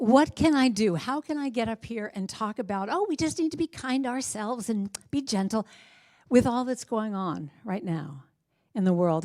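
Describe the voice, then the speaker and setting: An American woman giving an inspirational Sunday talk in a church sanctuary, earnest and conversational, telling stories with quick asides. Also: on the high side, a little mellow, dry recording, clean studio sound.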